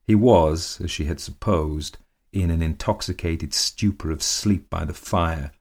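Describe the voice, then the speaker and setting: Very deep-voiced male story narrator. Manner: measured, dramatic storytelling.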